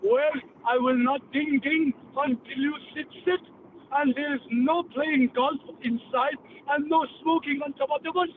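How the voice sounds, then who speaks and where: A man's voice: extremely high pitch, steady tone, unhurried, recorded from a distance. A man putting on a Pakistani bus conductor. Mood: polite. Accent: Pakistani English, put on. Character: Pakistani male bus conductor and bandleader, chatty and polite. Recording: tinny phone-like line, faint hiss.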